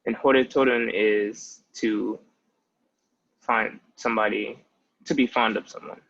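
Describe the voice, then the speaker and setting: A man's voice: on the low side, steady tone, measured pace, creaky, a bit bright, muffled recording. A young man in his twenties giving a patient, casual language lesson with many "like" fillers. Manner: patient, explanatory, with frequent "like" fillers. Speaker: language teacher.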